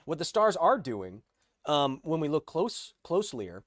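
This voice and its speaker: A man's voice: on the high side, very animated, measured pace, no echo, studio quality. A man hosting a livestream, explaining science casually and answering chat with jokes. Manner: explains science, reads chat aloud, jokey. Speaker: host.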